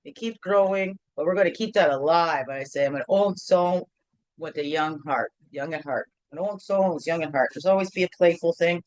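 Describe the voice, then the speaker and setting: A woman's voice: fairly low pitch, moderate pace, darkish tone, dry recording. Playful, chatty woman hosting at home. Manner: playful, chatty, rambling, with sing-song bits. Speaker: host. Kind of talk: casual morning video chat.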